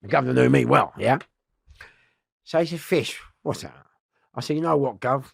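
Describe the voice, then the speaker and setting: A man telling a prison story in an interview, animated and swearing, acting out voices and laughing often. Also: medium pitch, normal speed, gravelly, slightly rough, no room sound, studio quality. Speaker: interview guest.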